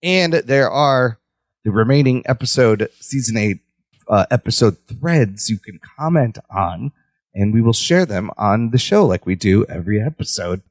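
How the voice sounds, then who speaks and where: A man's voice: normal speed, no echo, clean studio sound. A man co-hosting a podcast, recapping a sitcom in casual chat and acting out the lines with big jumps in his voice. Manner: animated, acts out lines with big pitch jumps, laughs a lot. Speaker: podcast co-host.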